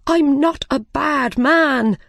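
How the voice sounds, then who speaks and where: Jumpy storybook hatter played by a woman reader, anxious and pleading, high-pitched and slow. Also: animated, no echo, clean studio sound. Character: nervous, frightened adult male hatter.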